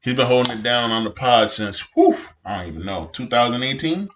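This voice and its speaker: A man's voice: medium pitch, lively intonation, fairly quick, reverberant, a little hiss or hum. A man in his thirties co-hosting a podcast in casual chat, blunt and laid-back, swearing freely. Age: 30s. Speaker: podcast co-host.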